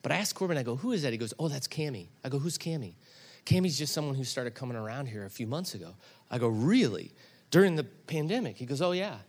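A middle-aged man pastor preaching a sermon, telling a story that builds to loud, animated peaks. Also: mid-range voice, fast talker, husky.

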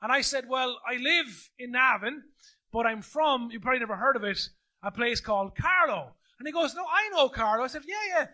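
An Irish man preaching as a pastor in a church, telling stories in an animated, jokey way and acting out the dialogue. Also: very high-pitched, moderate pace. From Ireland. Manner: animated, jokey storyteller who acts out dialogue. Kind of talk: sermon storytelling. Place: church auditorium.

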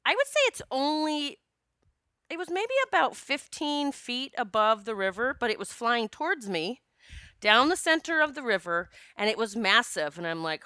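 A middle-aged woman telling a personal story in a casual, animated way, with swearing and laughter. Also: mid-range voice, smooth, no room sound, clean studio sound. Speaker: author and speaker.

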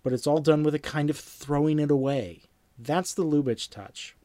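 A screenwriting teacher lectures by reading anecdotes aloud, telling them in an animated way, acting out sound effects and repeating himself. His voice is fairly high and moves at a moderate pace, with no room sound.

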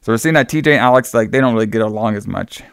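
With a low, gravelly yet smooth voice, a male podcast co-host rattles off a film's story at rapid-fire speed, peppering it with casual profanity. It's studio-quality audio with no room sound.

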